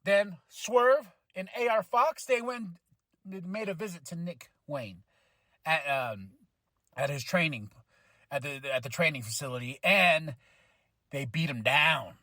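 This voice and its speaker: Hyped high-voiced man reviewing wrestling. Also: unhurried, no room sound. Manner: excitable, hyped, shouts when thrilled; casual slangy delivery, laughs often. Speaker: wrestling podcast host. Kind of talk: solo show review.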